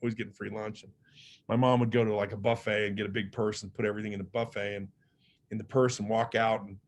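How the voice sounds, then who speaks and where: A man's voice: on the low side, little pitch movement, quick pace. A middle-aged man giving a motivational speech, telling his own story in an earnest, conversational way, with frequent fillers and restarts. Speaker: motivational speaker.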